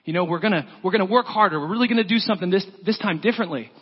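A man's voice: high voice, racing, husky. A man preaching a sermon, telling a story earnestly and acting out the quoted lines. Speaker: pastor. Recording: dull lo-fi sound with long church reverb.

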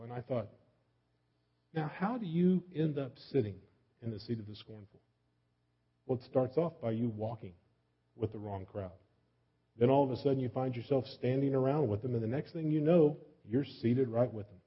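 A man's voice: medium pitch, expressive, normal speed, husky. A man preaching a sermon in a folksy, self-deprecating way, asking his listeners many questions. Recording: slightly dull, lo-fi recording.

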